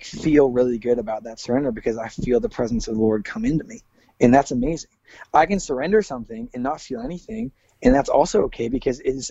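A man's voice: mid-range voice, gravelly, warm tone, slightly rough, no echo, highs cut off. A man who is a worship leader, speaking earnestly in a casual interview, with many fillers and restarts.

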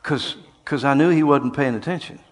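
An older man preaching a sermon, telling stories and swinging between quiet passages and loud, shouted lines. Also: mid-range voice, normal speed, a little hiss or hum. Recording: long hall reverb.

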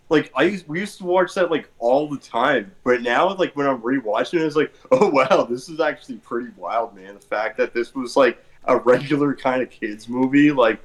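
Male podcast co-host, casual, rambling talker. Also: mid-range voice. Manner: rambling, many fillers and restarts. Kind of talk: casual chat.

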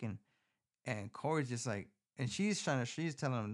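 A man hosting a podcast, recapping a film in a casual, profane, rambling way with animated storytelling, recorded on a phone. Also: medium pitch, fairly quick. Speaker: podcast host.

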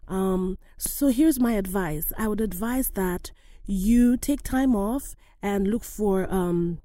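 A woman voicing a smooth-talking, condescending female talent agent who talks in a patronizing way. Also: medium pitch, takes it slowly, dark tone, close to an everyday voice. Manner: patronizing, sweet then blunt.

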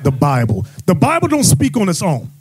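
A man's voice: high voice, wildly swooping pitch, fairly quick, darkish tone, breathy edge, no room sound. A man teaching a bible study, preaching with an emphatic, sing-song cadence. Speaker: church teacher.

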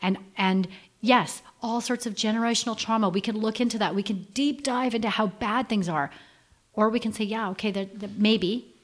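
A woman's voice: medium pitch, normal speed. A middle-aged woman telling her story frankly on a podcast, acting out quotes as she goes. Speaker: podcast guest. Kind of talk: candid podcast conversation.

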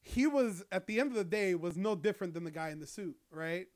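Young guy, slightly higher voice, casual profane storyteller. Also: expressive, fairly quick. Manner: rambling, profane, lots of fillers. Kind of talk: casual chat.

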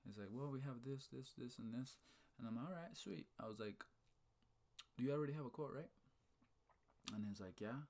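A man speaks briskly in a mid-range voice but pauses often, telling an energetic story in casual chat. He's fired up and animated, repeating "right?" and "okay?" frequently, with casual swearing and talk of faith.

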